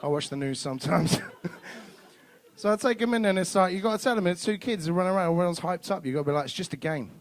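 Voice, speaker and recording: Man, thirties, stand-up comic, slightly high voice, foul-mouthed, acts out characters. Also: quick pace. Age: 30s. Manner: swearing, acts out dialogue with shifts of voice. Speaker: stand-up comedian. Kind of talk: stand-up comedy set. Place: comedy club stage.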